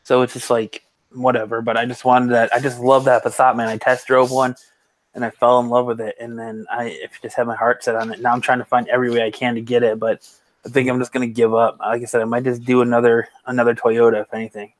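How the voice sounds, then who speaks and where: A man's voice: mid-range voice, flat delivery, fast talker, no echo. Teasing man on a casual podcast. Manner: joking, teasing, profane. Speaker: podcast co-host. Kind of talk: casual chat.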